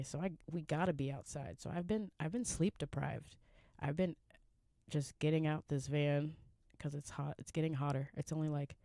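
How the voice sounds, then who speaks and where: A young woman with a deep, warm, smooth voice hosts her own podcast from a van, sounding groggy like it's morning. She rambles and chats casually on her own, laughing easily, and the sound is clean studio quality with no echo.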